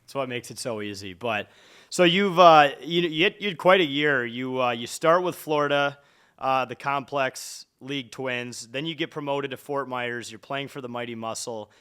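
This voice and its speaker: A man from Minnesota hosting a casual interview, upbeat and jokey with quick reactions. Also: mid-range voice, fairly bright tone, smooth. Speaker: podcast host.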